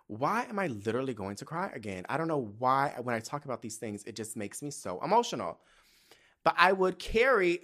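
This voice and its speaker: A man's voice: fairly high pitch, sing-song, normal speed, a bit bright. Young male podcast host, casual solo storytelling, candid and profane, emotional about his past. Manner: candid, profane, emotional, often tearful and laughing.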